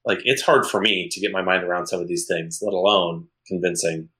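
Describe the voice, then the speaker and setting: A man's voice: deep voice, steady tone, fairly quick, fairly bright tone, poor audio. A man co-hosting a podcast, chatting casually and thinking aloud with frequent restarts. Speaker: podcast co-host.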